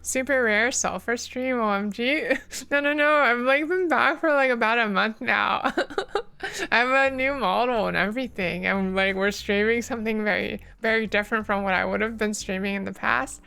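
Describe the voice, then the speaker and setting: A woman's voice: on the high side, moderate pace, gravelly, bright, forceful tone, smooth. A woman streamer chatting casually and giggling with her viewers. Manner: giggly, bubbly. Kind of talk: casual game stream chat.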